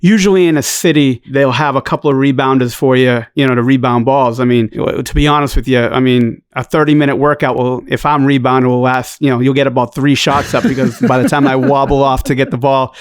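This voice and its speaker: A man's voice: medium pitch, fairly even intonation, a little fast, hardly any pauses, clean tone, dry recording, studio quality. A man guest on a podcast, telling a long story in a blunt, profane, rambling way. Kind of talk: casual storytelling chat.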